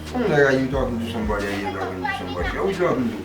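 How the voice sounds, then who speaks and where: A man's voice: medium pitch, big pitch swings, racing, over music, close to an everyday voice. An actor with a Bahamian accent playing a hot-tempered but doting father, emphatic and repetitive, in a film. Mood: arguing. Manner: emphatic, repeats himself, broken grammar. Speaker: actor in a low-budget feature film. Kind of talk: naturalistic film acting. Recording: roomy, distant, with background noise.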